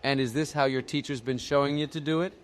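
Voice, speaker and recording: A man's voice: mid-range voice, fairly even intonation, quick pace, a little hiss or hum, pitched above the performer's own voice, lightly acted. A man voicing an indignant mother who demands answers.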